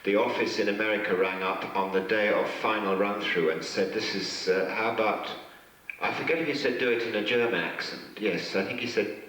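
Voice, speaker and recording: A man with a low voice recounts stories to a convention crowd in a rambling, halting, self-deprecating way. He sounds distant from the mic, and the hall echoes heavily around him. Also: fairly bright tone. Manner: rambling, hesitant, self-mocking, chuckling. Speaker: guest actor at a fan convention panel. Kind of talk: convention Q&A anecdotes. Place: large convention hall with an audience.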